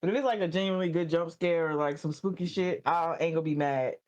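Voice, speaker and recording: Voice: medium pitch, fast. A podcast co-host chatting casually, giving wry, laughing commentary. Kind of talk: casual chat.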